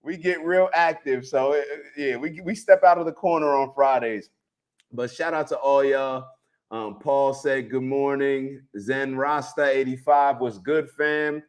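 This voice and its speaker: A man hosting a casual morning livestream, bouncing between loud hype for his viewers and quiet muttering to himself. His pitch sits in an ordinary middle range, and he talks into a handheld mic. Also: unhurried. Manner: lively, hypes up viewers with shout-outs. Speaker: host.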